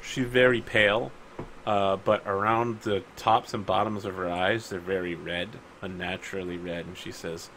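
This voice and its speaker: A man running a tabletop game as game master, talking casually and jokingly in a fairly low voice. Faint background noise sits under his voice. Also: level tone, a bit bright. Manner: casual, quick, joking narration.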